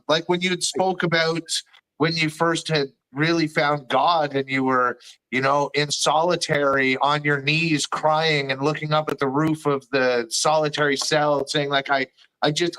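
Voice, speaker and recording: A man co-hosting a podcast speaks in a reflective, encouraging way and often backs his partner up with short replies. His voice sits a bit higher than most men's. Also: steady tone, measured pace, pushed and bright, clear, resonant tone, low-quality recording. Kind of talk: casual conversation.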